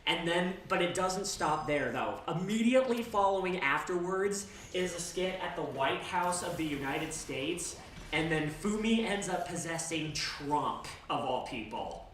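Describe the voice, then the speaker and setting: A game streamer chats casually and rambles, often restarting sentences and laughing. The voice sits at a middle pitch and sounds far from the mic. A very echoey room carries clear background noise. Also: animated, measured pace, fairly bright tone. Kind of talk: casual chat while gaming.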